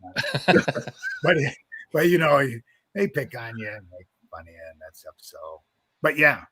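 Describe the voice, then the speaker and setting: A man's voice: medium pitch, normal speed, a little hiss or hum. A middle-aged man, a wrestling coach, casually telling a story and acting out the voices in it, laughing often. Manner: animated storyteller, acts out quotes, laughs often.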